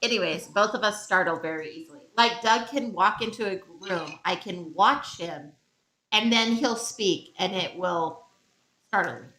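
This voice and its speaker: Brief: bright, animated woman co-host, casual kitchen chat, echoey room, faint noise. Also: mid-range voice, normal speed. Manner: chatty, teasing. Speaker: podcast co-host. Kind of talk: casual chat while cooking. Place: home kitchen.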